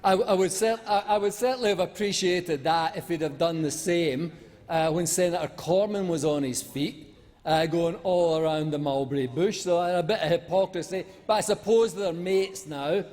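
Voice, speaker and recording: In a large debating chamber, a man playing a senator rambles and mocks his way through a parliamentary debate, full of fillers and restarts. His voice is fairly high and darkish at a moderate pace, and the chamber adds an echoey reverb.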